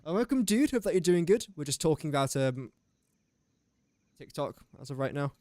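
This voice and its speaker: A man's voice: on the high side, very animated, normal speed, mellow, dry recording, clean studio sound. A man chatting on a game live stream, thinking aloud through sums and joking with viewers. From England. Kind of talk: casual live-stream chat.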